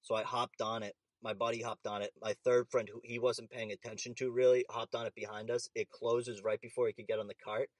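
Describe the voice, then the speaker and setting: A young man telling an animated, profane story in casual chat. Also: mid-range voice, a little fast, few pauses, dry recording.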